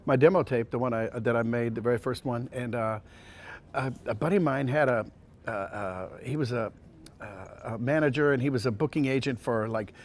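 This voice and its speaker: Man, voice actor being interviewed, rambling anecdotes, lots of restarts, average pitch. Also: moderate pace. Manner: rambling storytelling, many restarts, slips into impressions. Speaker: voice actor guest.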